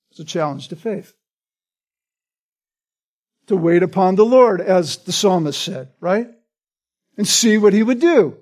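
A man's voice: high voice, expressive, a little slow, pauses often, a little mellow. A man preaching a sermon in an earnest, emphatic way, often checking in with "right?". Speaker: pastor.

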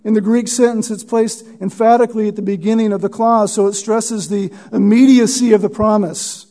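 A man preaching a sermon as pastor, teaching through scripture and sinking to a hushed tone when he quotes. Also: high-pitched, fairly even intonation, a little fast.

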